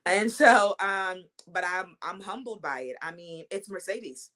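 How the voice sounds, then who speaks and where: A woman's voice: medium pitch, measured pace, fairly bright tone. A young woman, a wrestling champion, talking confidently in a casual interview, trash-talking her opponents between fillers and restarts.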